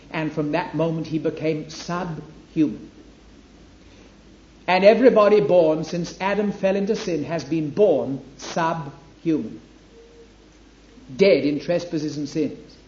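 A man preaching a sermon, emphatic, rising to loud declamation when he reads scripture. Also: a little high. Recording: echoey hall, dull lo-fi, faint ambience.

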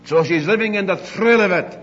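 An older man preaching a sermon, emphatic, moving between loud declarations and quiet asides. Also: sits high, a little fast, in a large hall, muffled recording.

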